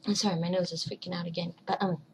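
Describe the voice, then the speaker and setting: A woman's voice: fairly low pitch, flat delivery, rapid-fire, background noise. A woman in her twenties vlogging at home, rambling casually and dropping into whispered asides. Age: 20s. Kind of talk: casual chat.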